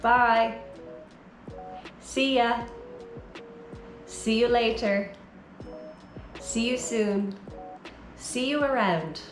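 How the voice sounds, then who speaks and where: Irish woman teacher, higher voice, very slow careful delivery, roomy sound with faint music behind. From Ireland. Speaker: English teacher. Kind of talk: slow, clear beginner language lesson.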